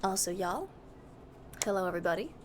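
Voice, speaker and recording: A woman's voice: medium pitch, animated, a little fast, a little hiss or hum. A young woman streamer chatting casually, greeting and answering her chat with a giggly, easygoing manner.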